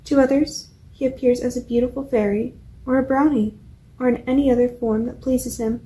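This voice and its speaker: A friendly, talkative farmer, as a woman reads him aloud in a storybook. He explains things earnestly in a mellow, somewhat high voice. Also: steady tone, fairly quick, close to an everyday voice, rough recording. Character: curious country farmer man, friendly and talkative.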